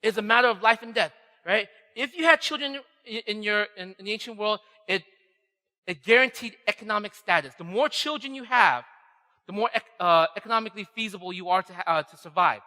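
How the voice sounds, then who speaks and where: A man's voice: sits high, fairly quick, bright, forceful tone. A man preaching a conversational sermon, often checking in with a "right?" and acting out quoted voices. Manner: conversational, keeps asking "right?". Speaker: pastor. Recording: long hall reverb.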